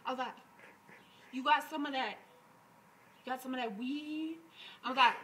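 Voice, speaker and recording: A man voicing a brash, crude young woman who laughs through her loud improvised comic story. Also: very high voice, moderate pace, slight background noise, rough recording.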